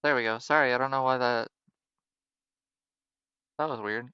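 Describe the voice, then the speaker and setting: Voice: mid-range voice, steady tone, moderate pace, bright, forceful tone, clean tone, no room sound, muffled recording. A streamer chatting casually during a live stream in an apologetic, laughing way.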